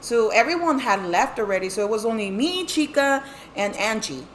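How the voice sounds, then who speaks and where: A woman's voice: a little high, lively intonation, normal speed, a little hiss or hum. A middle-aged woman telling a family story in casual chat, switching between English and Spanish and acting out the voices of the people in it. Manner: heavy swearing, lots of fillers. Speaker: guest telling her life story.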